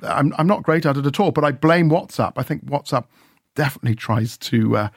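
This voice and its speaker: A man's voice: mid-range voice, brisk, vocal fry, dry recording, studio quality. A man reporting for a radio show, chatting in a rambling, hesitant, self-mocking way and interviewing people on the street.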